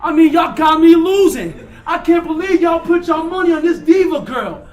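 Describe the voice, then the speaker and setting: Brief: high-pitched male battle rapper, shouted punchlines, echoey hall, crowd noise behind. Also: expressive, moderate pace. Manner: loud, punchy, repeats lines and laughs at his own bars. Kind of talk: battle rap performance. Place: large indoor hall. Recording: echoey hall, distant mic, loud crowd.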